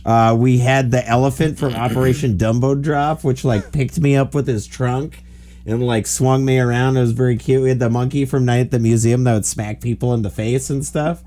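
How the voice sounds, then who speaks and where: Animated man in his forties telling stories. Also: mid-range voice, normal speed, a little hiss or hum. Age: 40s. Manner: animated, rambling anecdotes full of "like". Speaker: podcast host. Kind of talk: casual storytelling chat.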